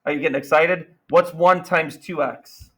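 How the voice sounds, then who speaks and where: A man teaching a math class, energetic and playful, firing questions at students. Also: fairly high pitch, normal speed, rough recording. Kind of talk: classroom lesson.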